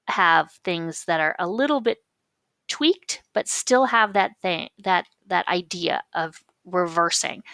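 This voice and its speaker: A woman teacher explaining figures of speech patiently, reading quotations slowly and with emphasis. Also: lowish voice, vocal fry, fairly bright tone, no room sound. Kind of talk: recorded lecture on figures of speech.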